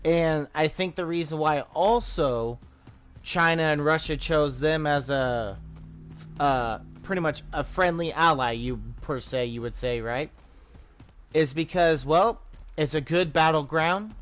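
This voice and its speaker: American guy streamer, slightly high voice, rambling, swears a lot. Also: measured pace, fairly bright tone, soft background music. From United States. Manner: profane, rambling, restarts often. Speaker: livestreamer. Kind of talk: casual rambling commentary while gaming.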